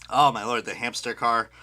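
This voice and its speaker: A young man hosting a live review, ranting in an excitable, profane way. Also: medium pitch, slight background noise. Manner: excitable and profane, with loud laughing outbursts. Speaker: diecast reviewer.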